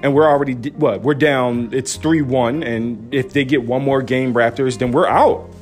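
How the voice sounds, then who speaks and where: A man's voice: medium pitch, faint music behind. A young man, a father, ranting into his phone camera about his basketball team, firing off incredulous rhetorical questions. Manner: animated, incredulous, rapid-fire rhetorical questions. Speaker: sports fan vlogger. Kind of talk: casual phone-camera rant.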